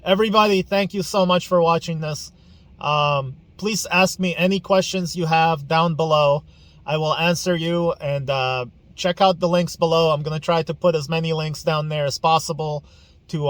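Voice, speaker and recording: Young man, blunt and profane, emotional, slightly high voice, casual vlog. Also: fairly bright tone, no room sound. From Ukraine. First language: Ukrainian. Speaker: podcast host.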